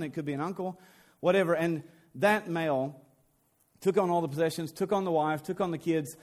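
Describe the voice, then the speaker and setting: A man preaching a sermon, retelling a scripture story in lively, everyday speech and leading a prayer. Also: fairly high pitch. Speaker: pastor.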